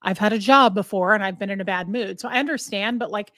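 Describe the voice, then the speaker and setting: A woman's voice: mid-range voice, fast, fairly bright tone, no room sound. Chatty woman streamer, dry sound. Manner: chatty, storytelling, cooing to her dog. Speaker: livestream host. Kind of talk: casual livestream chat. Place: home.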